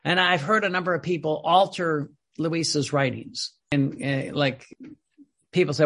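Gravelly, husky man giving a devotional talk. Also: a little high, steady tone, a little slow, a bit bright. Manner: earnest, emphatic, repeats phrases. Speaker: religious teacher.

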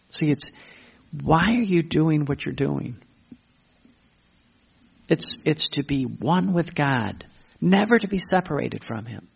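A man's voice: lively intonation, slow, creaky, long pauses, pushed and bright, breathy edge. A man preaching a sermon, impassioned, repeating himself and stumbling over words. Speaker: Catholic preacher. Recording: muffled low-fidelity recording.

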